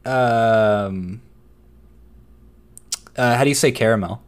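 A man's voice: medium pitch, slow pace, clear, resonant tone. Young man laughing through a casual podcast chat. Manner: laughs often, playful teasing; reads aloud from a list. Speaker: podcast co-host.

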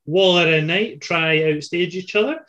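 A man's voice: sits high, moderate pace, pushed and bright, lo-fi sound. A man recapping wrestling in casual chat, joking and laughing often. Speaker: podcast co-host.

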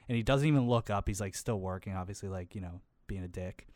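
A man's voice: fairly low pitch, quick pace, darkish tone, dry recording, studio quality. A young man talking casually and rambling, with many fillers and plenty of swearing. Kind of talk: casual chat.

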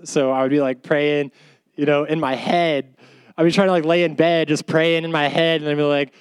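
A man's voice: on the high side, steady tone, a little fast, smooth, no echo, clean studio sound. A young man preaching a youth sermon, telling personal stories in a jokey, casual way with slang. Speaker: youth pastor.

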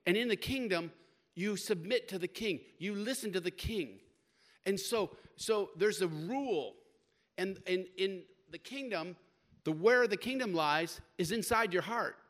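Bright, emphatic man preaching a sermon. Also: high-pitched, lively intonation, a little slow. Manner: emphatic preaching, rising and falling loudness, casual slang. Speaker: pastor.

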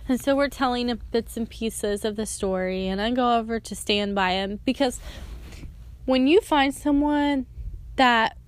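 A woman's voice: on the high side, a little slow, dry recording. A young woman sharing a personal faith testimony in casual, earnest storytelling, her speech full of "like" and "and so". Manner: earnest and emotional, with frequent "like" and "and so".

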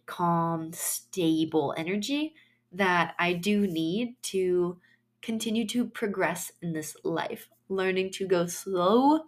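A woman hosting her own podcast, explaining astrology in a chatty monologue and telling personal stories in loose, trailing phrases. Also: on the low side.

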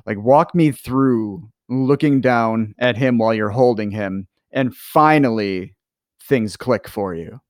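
A man's voice: mid-range voice, slow, no echo, clean studio sound. A man hosting an interview, asking reflective, probing questions with hesitant fillers. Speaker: podcast host.

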